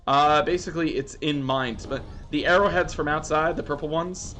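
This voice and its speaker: A man's voice: a little high, normal speed, hardly any pauses, fairly bright tone, faint music behind. A man streaming a video game, chatting casually and swearing now and then. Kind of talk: casual gameplay commentary.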